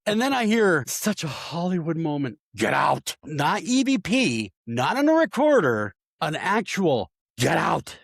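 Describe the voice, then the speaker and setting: A man's voice: fairly high pitch, unhurried, vocal fry, few pauses, no room sound, clean studio sound. A man, a paranormal investigator, telling a story in casual talk and acting out the voices of the people in it. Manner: animated, acts out voices in his story.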